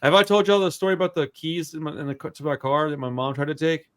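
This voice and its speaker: A young man co-hosting a podcast, telling a story in a loose, profane, animated way and acting out the quotes. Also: a little high, fast. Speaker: podcast co-host. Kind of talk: casual storytelling chat.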